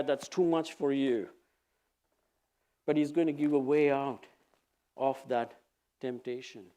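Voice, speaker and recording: High-voiced pastor preaching earnestly. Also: male voice, darkish tone. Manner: earnest, exhorting, reads scripture aloud with pauses. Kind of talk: sermon.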